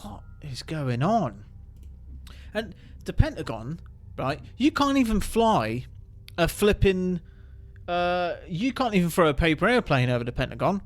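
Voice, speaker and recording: A man hosting a reaction video, talking excitedly with rhetorical questions and stumbling restarts. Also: high voice, unhurried. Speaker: host reacting to viral clips.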